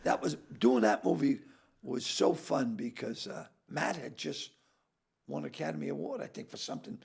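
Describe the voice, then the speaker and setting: A man's voice: on the high side, lively intonation, normal speed, vocal fry, husky. A man with a Boston accent, a comedian guest telling brash, profane stories in a casual podcast chat. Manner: brash, profane storyteller who acts out quotes.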